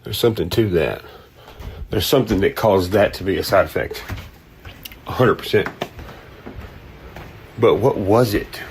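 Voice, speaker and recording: A man's voice: lowish voice, measured pace, long pauses, slight background noise. A man ranting casually in a vlog, profane, laid-back and rambling. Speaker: content creator.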